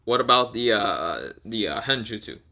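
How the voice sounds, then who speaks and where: A man voicing a lazy, sleepy teenage boy ninja who murmurs slowly. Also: on the low side, animated, vocal fry, sharp tone, exaggerated voice. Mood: musing.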